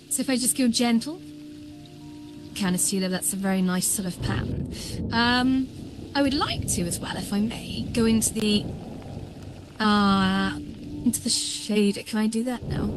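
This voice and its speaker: Excitable high-voiced woman streamer. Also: poor audio. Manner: excitable, thinking aloud with many fillers. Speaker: livestreamer. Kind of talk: live-streamed world-building commentary.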